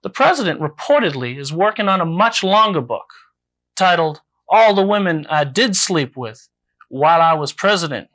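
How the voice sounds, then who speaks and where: A man hosting a mock book review segment, delivering satire in a dry, deadpan way. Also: on the high side, moderate pace.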